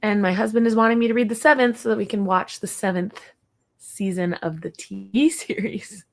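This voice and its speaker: A woman's voice: mid-range voice, steady tone, normal speed, gravelly. A young woman hosting a casual livestream from her home, chatting in a rambling way with viewers and stopping now and then to talk to her dog. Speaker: livestream host.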